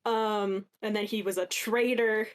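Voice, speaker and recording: A podcast guest talks through their career in a relaxed, chatty way. The voice sits at a middle pitch and flows easily from one thought to the next. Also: measured pace, smooth. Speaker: podcast guest, site editor. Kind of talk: casual interview.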